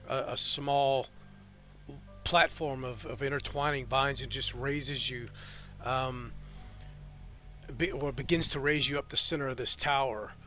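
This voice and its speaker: A man's voice: mid-range voice, bright, forceful tone. A man narrating as game master of a tabletop game, rambling with fillers and restarts.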